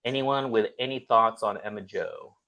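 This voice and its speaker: A man hosting a casual livestream talk show, talking in a relaxed, conversational way. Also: fairly low pitch, normal speed, rough recording. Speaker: host.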